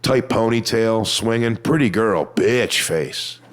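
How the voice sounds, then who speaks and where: A man doing a stand-up comedy routine, telling a crude story with punchlines that build to shouting. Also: lowish voice, animated, takes it slowly, noisy background.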